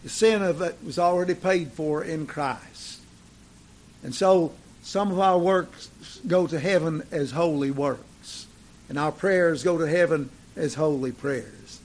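A man preaching a sermon, swinging between emphatic declarations and relaxed, folksy storytelling with plenty of fillers. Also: fairly high pitch, measured pace.

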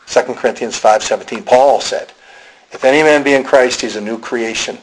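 A man's voice: mid-range voice, a little fast, slight background noise, poor audio. A man with a Pennsylvania accent preaching a sermon, telling the story dramatically and acting out the voices of the people he quotes. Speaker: pastor.

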